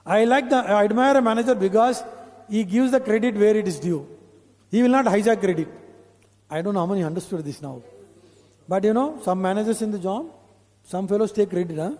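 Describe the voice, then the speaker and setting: A man's voice: high-pitched, fairly quick, pauses often, a little mellow. A man with an Indian English accent leading a corporate training session, talking in a conversational way, repeating his points and checking in with the audience. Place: training hall. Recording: long hall reverb.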